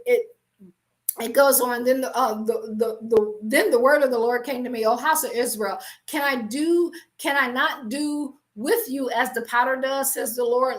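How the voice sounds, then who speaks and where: A middle-aged woman teaching business from the Bible, emphatic and animated, often restarting her sentences. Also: fairly high pitch. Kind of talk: faith-based business teaching.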